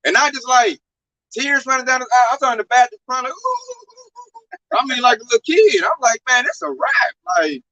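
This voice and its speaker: In a muffled, lo-fi recording, a man with a very high, sharp voice talks fast during a casual discussion of religion. He's slangy and emphatic, voicing quotes by paraphrasing them dramatically.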